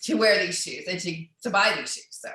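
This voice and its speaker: A woman's voice: on the low side, expressive, brisk, pushed and bright, recorded from a distance. A woman hosting a podcast, guiding her guest with interview questions. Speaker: podcast host. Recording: echoey room, off-mic.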